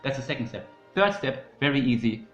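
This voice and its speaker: Man, fast-talking mock lecture, rambling, roomy dull recording. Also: medium pitch, animated, fairly bright tone. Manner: rambling, repeats "you know" and "okay?". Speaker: comedy podcast host. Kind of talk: mock self-help lecture. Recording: roomy, dull sound with faint music.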